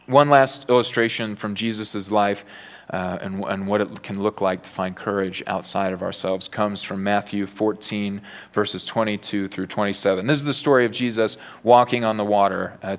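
A man preaching a sermon in an earnest, conversational way, often saying "you know". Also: fairly low pitch.

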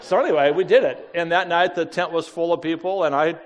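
A middle-aged man telling a personal story with lively energy, often laughing and acting out the voices of the people in it. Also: fairly high pitch, brisk. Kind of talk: animated storytelling talk. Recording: long hall reverb.

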